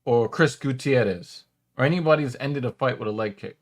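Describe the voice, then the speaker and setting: A man's voice: medium pitch, normal speed. A man co-hosting a casual watch party chat, cursing, laughing and arguing his point. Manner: profane, laughing, argumentative. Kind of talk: casual chat reacting to clips.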